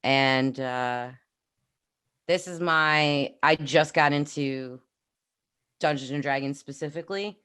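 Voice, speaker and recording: Low-voiced chatty New York woman. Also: takes it slowly, pauses often, fairly bright tone, clear, resonant tone. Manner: chatty, rambling, laughs often. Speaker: podcast co-host. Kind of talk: casual chat on a livestream.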